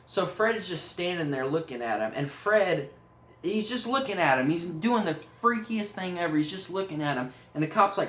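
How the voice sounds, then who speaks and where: A man's voice: fairly high pitch, lively intonation, normal speed, a bit bright, reverberant. A man casually retelling a horror story idea, rambling along with fillers and asides.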